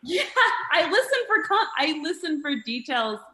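A woman comedian talking casually as a podcast guest, in a bright, ringing tone. She rambles with many "likes" and trailing thoughts, and her pitch sits on the high side. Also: very animated, moderate pace. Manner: rambling, full of likes and giggles.

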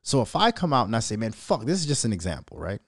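A man's voice: medium pitch, racing, gravelly, no room sound, studio quality. A man in his thirties hosting his own show, telling profane stories in a casual monologue. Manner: profane, animated storytelling. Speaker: show host.

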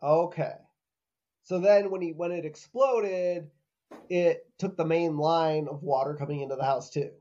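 A man's voice: on the high side, a little slow, lo-fi sound. A man co-hosting a podcast, chatting casually and incredulously as he recaps an episode, with lots of "like" and "uh". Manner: animated, incredulous, many fillers. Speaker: podcast co-host.

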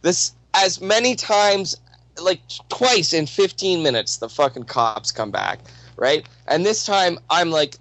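A man's voice: fairly high pitch, expressive, takes it slowly, a bit bright, no room sound, poor audio. A young man casually telling a rambling, profanity-laced anecdote, full of restarts and asides.

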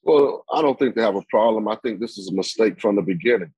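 A man's voice: lowish voice, fast talker, a little mellow, slightly rough, no room sound, low-quality recording. A man giving opinionated football analysis on a sports talk show, rambling with many fillers and restarts.

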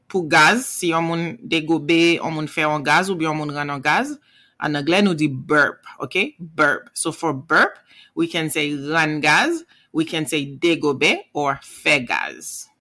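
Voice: mid-range voice, takes it slowly, bright, forceful tone. A language teacher from Haiti with a Haitian accent, a native Haitian Creole speaker, giving a casual video lesson patiently, repeating words and checking in with "okay?" and "right?". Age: adult parent.

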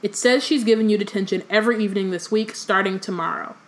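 A woman reading aloud as a stern older witch teacher who speaks briskly. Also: medium pitch, lightly acted.

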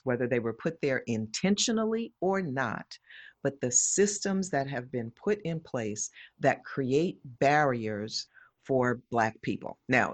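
A woman's voice: rumbling low, no echo. Direct, emphatic woman explaining. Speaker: diversity educator, guest. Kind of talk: conversational explaining.

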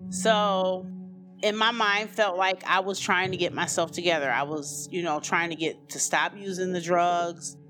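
A woman's voice: on the low side, fairly even intonation, a little slow, a bit bright, soft background music. A woman candidly telling her own life story in a loose, conversational way, with lots of "you know" and "like". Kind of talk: personal storytelling, unscripted.

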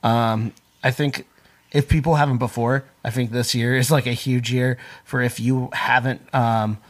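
A man talking in a halting, filler-heavy way, restarting his sentences often, with a dry sarcastic edge. His voice is at a normal middle pitch. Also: steady tone. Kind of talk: casual interview chat.

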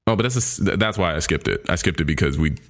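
Lively young man co-hosting a podcast. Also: low-pitched. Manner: animated, quick banter with laughs. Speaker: podcast co-host. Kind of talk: casual chat.

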